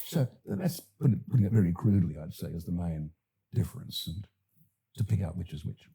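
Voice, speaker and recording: Gravelly low-voiced older Australian man. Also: sing-song, dark tone. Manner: thoughtful, halting, many fillers and restarts. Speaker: actor and director, guest. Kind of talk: podcast interview.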